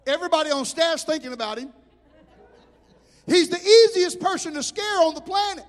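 A man preaching a sermon as pastor, telling animated stories. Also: extremely high pitch, moderate pace, a faint crowd. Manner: animated storytelling with shouted impressions. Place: church hall. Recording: hall reverb.

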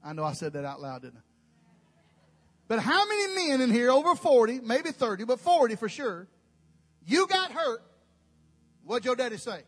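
A man's voice: very high-pitched, very animated, moderate pace, pauses often, big-room sound. A male pastor, preaching emphatically with folksy, joking asides. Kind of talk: sermon.

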